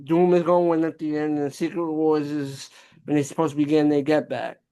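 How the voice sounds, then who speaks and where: A man's voice: fairly high pitch, little pitch movement, brisk, mellow, clear, resonant tone. A man co-hosting a podcast in casual chat, explaining his points matter-of-factly. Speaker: podcast co-host.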